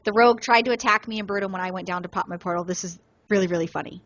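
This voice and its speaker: A woman co-hosting a casual gaming podcast, telling stories with lively energy and acting out other players in quotes. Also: mid-range voice, very fast, highs cut off. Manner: animated storyteller, acts out other players in quotes. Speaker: podcast co-host.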